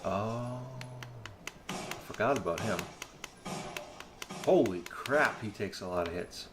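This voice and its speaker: Male spectator, low voice, reactive casual commentary, roomy echo. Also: expressive, takes it slowly, over music. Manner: reactive, asks questions, laughs along. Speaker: friend watching and co-commentating.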